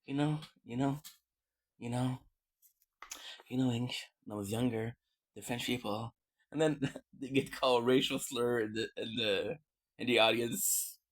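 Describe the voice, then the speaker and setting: A man's voice: medium pitch, steady tone, measured pace, long pauses. Joking man rambling on a stream. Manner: joking and rambling, with many fillers and food sounds. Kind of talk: casual rambling stream chat while eating.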